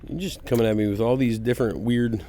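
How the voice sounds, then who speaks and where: A man with an Oklahoma accent co-hosting a casual podcast, playful and quick to laugh, swearing freely. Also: mid-range voice, steady tone, warm tone, a little hiss or hum. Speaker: podcast co-host.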